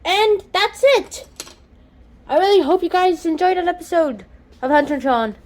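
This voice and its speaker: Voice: very high-pitched, normal speed. A young host reading a study guide aloud in a casual lesson, stumbling over words and restarting often. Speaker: channel host.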